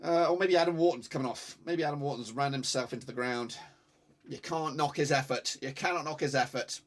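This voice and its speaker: Speaking fairly quickly in a medium-pitched voice, a man reacts with excitement and profanity during a live football watch-along stream. He also presses his audience to like and subscribe.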